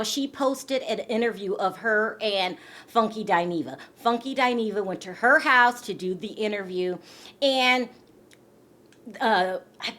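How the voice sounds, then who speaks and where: A woman's voice: mid-range voice, a little slow, a bit bright. A woman from California talking casually to her camera about celebrity gossip, chatty and emphatic, repeating words for stress and often asking her viewers "okay?". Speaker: YouTube gossip vlogger.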